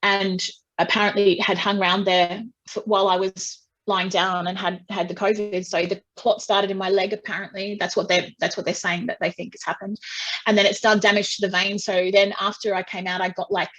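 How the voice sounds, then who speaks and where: A woman's voice: medium pitch, flat delivery, a little fast, fairly bright tone, dull audio. A woman singer in an interview, talking casually and at length, often restarting phrases and acting out what people said. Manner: chatty, restarts often, acts out quotes.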